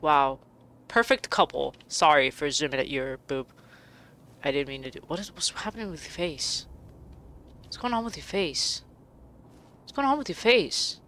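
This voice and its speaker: A young woman giving casual, excitable commentary while playing a video game, laughing and shrieking often. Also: deep voice, moderate pace, pauses often. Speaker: gaming streamer.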